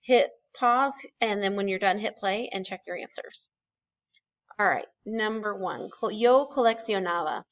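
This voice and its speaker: A woman talks through a recorded classroom lesson at an ordinary pitch. She explains patiently, step by step, and corrects herself as she goes, with the odd "um" along the way. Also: unhurried. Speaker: Spanish teacher.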